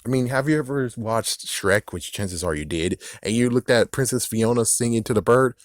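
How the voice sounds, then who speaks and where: A man's voice: mid-range voice, moderate pace, no echo. A man talking to camera in a casual, rambling rant, swearing freely, laughing and acting out quotes along the way. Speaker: video creator.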